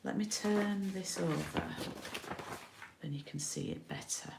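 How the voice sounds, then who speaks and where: A woman's voice: on the low side, measured pace, creaky, a little mellow, reverberant, a little hiss or hum. A middle-aged woman from the UK giving a casual card-making tutorial, chatty and often checking in with her viewers.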